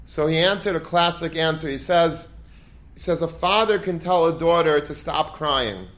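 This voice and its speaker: A man's voice: a little high, moderate pace, a bit bright. A man giving an earnest, emotive Torah talk in a storytelling manner, often restarting phrases and using Hebrew and Yiddish terms. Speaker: Torah teacher.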